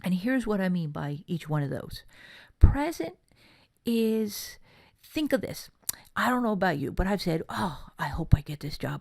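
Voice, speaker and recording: A woman from California giving a motivational workshop talk, telling personal stories in a chatty, lively way. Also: fairly low pitch, a little slow, creaky, dry recording. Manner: chatty storytelling, lively asides. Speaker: workshop presenter.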